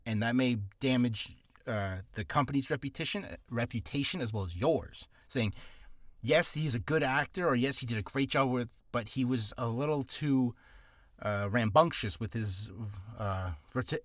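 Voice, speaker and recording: A man's voice: mid-range voice, fairly bright tone, no room sound. Rambling, jokey man with a dry, close sound. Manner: rambling, self-correcting, loose and jokey. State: slightly ticklish dry throat. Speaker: voice actor giving advice. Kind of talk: casual spoken video lesson.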